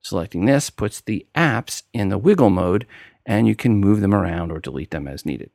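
New york guy running a tech podcast, gravelly low-ish voice, goes up and down a lot. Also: lively intonation, moderate pace, darkish tone, dry recording, clean studio sound. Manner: chatty, explains steps one by one. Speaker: podcast host. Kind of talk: casual tech podcast talk.

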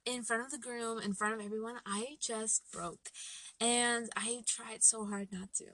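Bright-voiced young woman telling a story. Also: a little high, measured pace. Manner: animated storytelling with many fillers. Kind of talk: casual chat.

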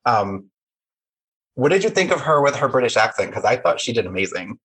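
Campy man, husky voice. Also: medium pitch, fairly quick, poor audio. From United States. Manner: animated, campy, asks questions. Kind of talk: casual chat.

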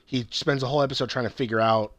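A young man tells a TV plot in a loose, rambling way. He swears freely and acts out the characters' lines. His voice sits at an ordinary pitch, and the sound is dry with no room echo. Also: steady tone, rapid-fire, fairly bright tone. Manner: rambling, profane, acts out quotes. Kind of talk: casual chat recapping a TV series.

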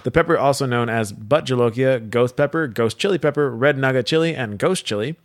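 A man's voice: mid-range voice, fairly quick. A man co-hosting a podcast in casual chat, joking, swearing and stumbling over facts he reads out. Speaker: podcast co-host.

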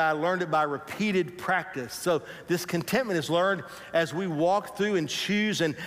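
A man preaching a sermon as pastor, calm and reflective, asking the congregation questions and leading them to speak along with him. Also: a little high, in a large hall. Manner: leads the congregation in call and response.

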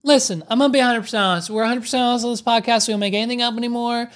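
A woman co-hosting a podcast, reacting to a clip in an animated, joking way and recapping it quickly. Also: on the high side. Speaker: podcast co-host. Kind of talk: casual podcast reaction commentary.

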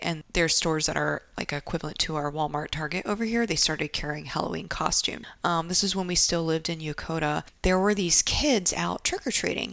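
A young woman with a low-pitched voice talks through a personal story, candid and lively with wry asides. The recording is dry and close, with no room echo. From Japan. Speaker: podcast host. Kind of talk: casual storytelling monologue.

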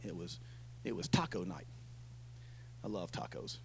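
A man in his thirties preaching a sermon, telling a family story with lively swings between loud and hushed delivery. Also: deep voice, unhurried, creaky, a little hiss or hum, low-quality recording. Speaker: pastor.

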